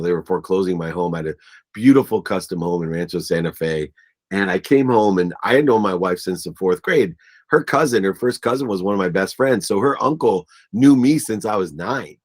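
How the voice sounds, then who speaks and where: A man's voice: deep voice, a little mellow. A man, a business coach, telling emotional family stories in an interview, acting out the voices of relatives and getting choked up at times.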